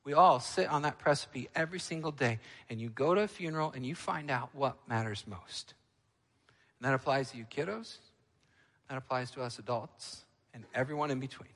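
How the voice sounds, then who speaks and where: A male pastor preaching a sermon, emphatic, moving between loud, ringing lines and quiet, low ones. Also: long reverb tail.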